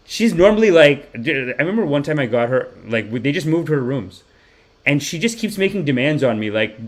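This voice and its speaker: A man hosting a live comedy podcast, telling a rambling story in an animated way, swearing freely and acting out the people he describes. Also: a little high, brisk. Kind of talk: rambling comic monologue on a live stream.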